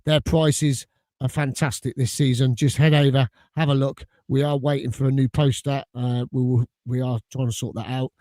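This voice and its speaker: A man's voice: medium pitch, level tone, normal speed, dark tone, no echo. A man hosting a football fan podcast, casually reading out sponsor plugs with fillers. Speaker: podcast host.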